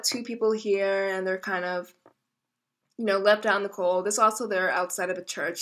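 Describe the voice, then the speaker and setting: A woman's voice: medium pitch, pushed and bright. A young adult woman giving a casual tarot reading, chatty and emotional, often interrupting herself. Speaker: tarot reader.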